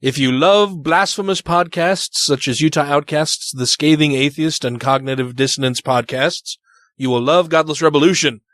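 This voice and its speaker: A man's voice: on the high side, normal speed, a bit bright, no echo, clean studio sound. A congested man co-hosting a casual podcast, loose and profane, often laughing. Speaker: podcast co-host. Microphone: studio microphone.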